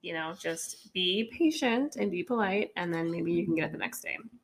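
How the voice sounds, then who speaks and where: A woman co-hosting a casual chat, telling a story and jumping into a higher voice for quoted lines. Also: animated, normal speed. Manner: storytelling, acting out dialogue in a raised voice.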